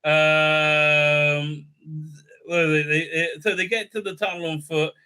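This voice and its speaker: Sarcastic, sharp-voiced male reviewer. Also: a little high, little pitch movement, slow pace, smooth. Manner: sarcastic, profane, stammering fillers. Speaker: show reviewer. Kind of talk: ranting recap commentary.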